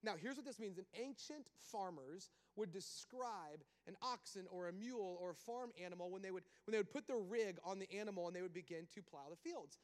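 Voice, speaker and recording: High-voiced preacher in a reverberant hall. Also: male voice, brisk, few pauses. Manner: animated, conversational storytelling with asides. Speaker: pastor. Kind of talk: sermon.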